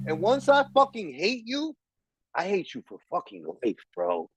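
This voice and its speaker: A man's voice: sits high, wildly swooping pitch, moderate pace, low-quality recording. Fired-up profane man ranting. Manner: heated, profane, emphatic ranting. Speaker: podcast host. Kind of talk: casual chat.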